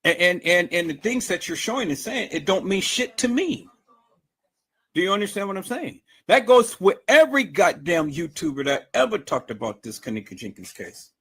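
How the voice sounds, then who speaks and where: Man, livestream host, fairly high voice, angry profane rant, repeats himself. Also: lively intonation, moderate pace, fairly bright tone, slightly rough. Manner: profane, combative, repetitive stammering restarts. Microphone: streaming mic.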